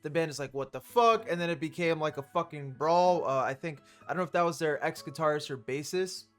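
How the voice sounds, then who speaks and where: High-voiced young man, casual commentary. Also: fairly even intonation, quick pace, soft background music. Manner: loose and profane, laughs between points. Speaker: host. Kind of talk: casual commentary on concert clips.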